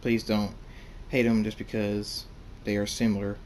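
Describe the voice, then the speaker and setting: A man reading his own fan fiction story aloud in the first person, halting and repeating words. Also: lowish voice, flat delivery, darkish tone, a little hiss or hum.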